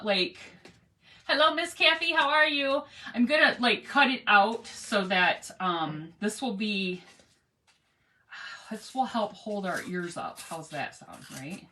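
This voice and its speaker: Woman, craft livestream host, casual rambling chat, bright clear tone, greets viewers. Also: medium pitch. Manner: chatty, rambling, greets viewers by name, laughs often.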